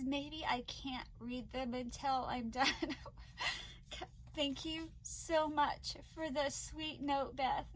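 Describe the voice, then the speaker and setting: A middle-aged woman chatting in a home vlog, emotional and quick to tear up and laugh, worn down by fatigue. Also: high voice, slight background noise, low-quality recording. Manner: emotional, laughs often and tears up. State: fatigued from an illness flare. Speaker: crochet vlogger. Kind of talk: casual vlog chat.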